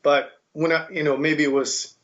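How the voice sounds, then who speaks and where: An American man telling stories in a lively, casual way as a podcast guest. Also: a little high, moderate pace. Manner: animated, mimics voices in quotes. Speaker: podcast guest, kettlebell instructor. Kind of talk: casual storytelling. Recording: dull lo-fi sound.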